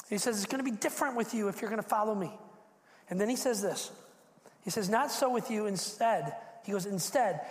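High-voiced preacher man in an echoey hall. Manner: animated, acts out quotes, repeats words. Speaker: pastor. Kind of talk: sermon.

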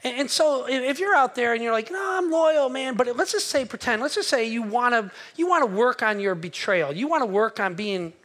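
A pastor voicing a sarcastic preacher persona who mockingly gives bad advice with exaggerated, higher, louder delivery. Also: male voice, animated, a little fast, hardly any pauses, full character voice. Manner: sarcastic, exaggerated, mock-encouraging.

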